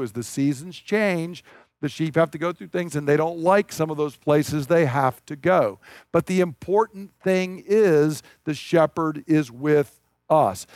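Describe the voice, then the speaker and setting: A man's voice: a little high, no room sound. Earnest preaching man, dry sound. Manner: earnest, conversational preaching with rising emphasis. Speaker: pastor. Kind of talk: sermon.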